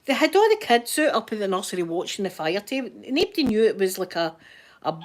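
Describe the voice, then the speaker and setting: A woman with a broad Glasgow accent chats loosely to her viewers, rambling from one thought to the next. Her voice sits in a middle pitch, and she drops Scots words in as she goes. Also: big pitch swings, a little fast, faint music behind. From Scotland. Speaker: channel host. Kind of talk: casual livestream chat.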